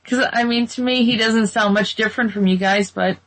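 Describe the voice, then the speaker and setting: A woman's voice: a little high, fairly even intonation, brisk, fairly bright tone, poor audio. A woman from the Boston area hosting a casual chat, with a light Boston trace in an American accent; giggly and self-deprecating. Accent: General American with a trace of Boston. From Boston area, USA. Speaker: host.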